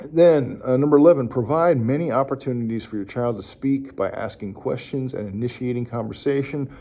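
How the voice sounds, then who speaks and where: A man, a speech therapist, giving parents casual tips in a relaxed, rambling way with many fillers. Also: fairly low pitch. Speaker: speech-language pathologist. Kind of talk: casual instructional talk to parents.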